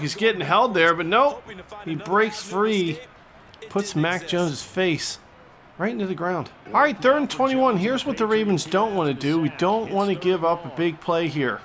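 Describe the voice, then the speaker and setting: A man doing excitable mock play-by-play commentary over a football video game, bursting into loud exclamations on big plays and tossing in cheeky asides. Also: a little high. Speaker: gaming channel host. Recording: game music playing behind the voice.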